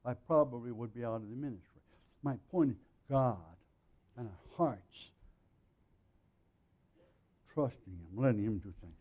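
Mellow-voiced male pastor, earnest sermon. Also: medium pitch, a little slow, pauses often, muffled recording. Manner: frequent throat clearing, earnest and plain-spoken. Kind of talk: conversational sermon.

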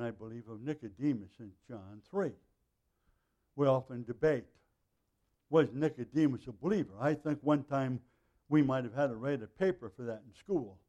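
Mellow-voiced man teaching scripture. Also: medium pitch. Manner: conversational, clears throat often, restarts and asides. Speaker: Bible teacher. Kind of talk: verse-by-verse Bible teaching.

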